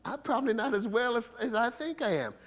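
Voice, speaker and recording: A man's voice: very high-pitched, fast talker. A man preaching a sermon as a bishop, conversational and playful, asking the congregation rhetorical questions and laughing between points, with features.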